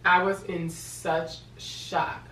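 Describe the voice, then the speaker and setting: A pregnant young woman tells a story in a casual vlog, chatty and animated, acting out the voices of the people she quotes and drawing out her words. Her slightly low voice sounds somewhat far from the mic, with room echo around it and a faint ambient hiss underneath.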